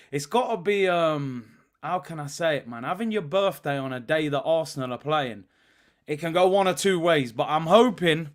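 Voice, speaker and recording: Animated man hosting a football live stream. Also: a little high. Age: 30s. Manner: animated, shouting out viewers and reading super chats. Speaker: host of a football watch-along stream. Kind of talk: casual live-stream chat.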